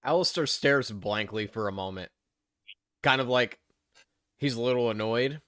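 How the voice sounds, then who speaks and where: A man's voice: medium pitch, moderate pace, a bit bright, no room sound, studio quality. A man playing a tabletop game, wry and suspicious while speaking for his character. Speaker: player.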